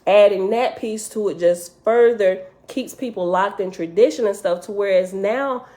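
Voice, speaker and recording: A woman's voice: mid-range voice, normal speed, warm tone. Earnest woman recounting a dream. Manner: earnest, wells up with emotion, addresses listeners directly. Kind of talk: emotional storytelling, recounting a dream.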